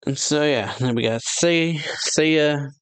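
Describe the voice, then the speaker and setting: A man's voice: fairly low pitch, normal speed. A man hosting an anime reaction, casually recapping a manga chapter and reading its dialogue aloud with light chuckles. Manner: relaxed, reads quotes plainly with light chuckles.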